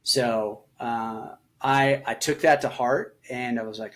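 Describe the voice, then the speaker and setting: A man's voice: medium pitch, fairly even intonation, measured pace. Man telling a war story. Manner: conversational, many "like" and "um" fillers. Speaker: guest, army veteran. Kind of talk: storytelling interview.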